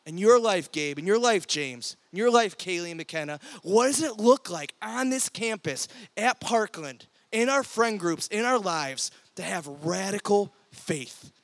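Young guy youth pastor, high voice, animated storytelling sermon, super dry sound. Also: measured pace, hardly any pauses, no echo. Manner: energetic storytelling, acts out quoted voices.

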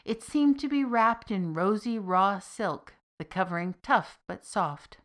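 A woman narrating a fiction podcast in a deliberate, even reading voice with soft, trailing phrase ends. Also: mid-range voice.

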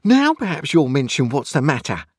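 A man voicing a sharp-tongued, scolding woman in a dry recorded audiobook reading. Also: high voice, very animated, unhurried, vocal fry, husky, no room sound, pitched above the performer's own voice, heavily acted.

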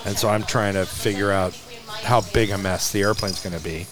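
A man who runs a museum, a podcast guest telling a lively story in a casual way, acting out what people said and laughing often. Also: low voice, normal speed, crowd noise. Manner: animated, acts out dialogue, laughs often.

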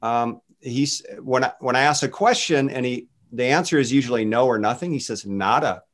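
A man speaking as a guest minister in a casual faith conversation, telling stories in an animated way and voicing quotes. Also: mid-range voice, a little fast. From United States. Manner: animated storytelling with voiced quotes.

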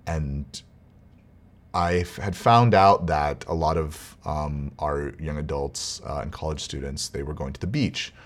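Man with a very low voice, earnest rambling vlog story, restarts and soft laughs. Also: a little slow. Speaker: vlogger, father. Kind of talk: casual personal storytelling.

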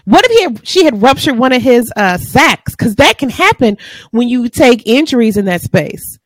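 Podcast co-host: a high-pitched woman with a drawl, lively and blunt, sometimes profane, recorded dry. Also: normal speed, no room sound. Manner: blunt, animated, profane ranting. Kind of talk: casual chat.

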